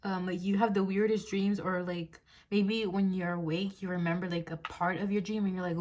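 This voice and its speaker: A woman's voice: lowish voice, steady tone, moderate pace, hardly any pauses, a little mellow. Giggly young woman giving a tarot reading. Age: 20s. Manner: giggly, rambling, lots of fillers. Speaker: tarot reader. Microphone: phone on a desk mount.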